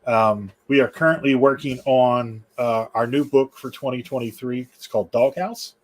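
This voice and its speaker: A man's voice: mid-range voice, normal speed. A man who makes indie comics, chatting as a guest in an easygoing way with many fillers. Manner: easygoing, filler-heavy, relaxed. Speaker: indie comic book creator. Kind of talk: casual chat as guest.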